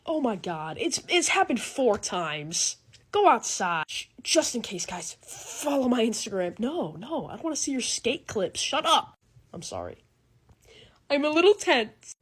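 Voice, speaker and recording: Husky young woman ranting for laughs. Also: fairly high pitch. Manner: rambling, exasperated rants full of "like". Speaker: comedy video creator. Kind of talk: comedic monologue to camera.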